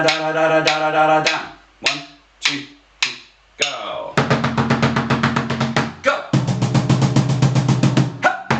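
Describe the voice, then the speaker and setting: Man, taiko drumming teacher, encouraging, counts out loud, echoey room, mic a bit far off. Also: medium pitch. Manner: encouraging, counts beats aloud with shouts. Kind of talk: online group music lesson. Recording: echoey room, slightly distant mic, drums behind. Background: taiko drums.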